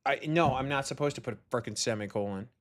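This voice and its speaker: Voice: medium pitch, quick pace. A young adult hobby game developer commenting casually while coding, exasperated, talking to themself and swearing often. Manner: rants loudly at an online commenter.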